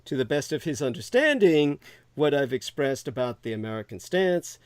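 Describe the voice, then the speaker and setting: A man hosting a call-in talk show, rambling and halting with many restarts. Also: medium pitch, expressive, no echo. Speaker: podcast host. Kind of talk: casual call-in chat.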